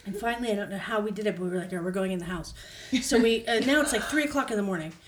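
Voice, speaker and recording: A woman's voice: medium pitch, racing, distant mic. A woman guest telling a story casually and animatedly, acting out the quotes. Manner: animated, acts out quotes loudly. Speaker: podcast guest. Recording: roomy echo.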